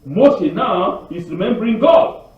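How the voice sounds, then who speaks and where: High, lively-voiced preaching man. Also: unhurried. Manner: animated preaching with rhetorical questions to the congregation; repeats words and restarts often. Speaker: congregation teacher. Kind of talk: sermon on the weekly Torah portion. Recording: very echoey, distant, dull lo-fi.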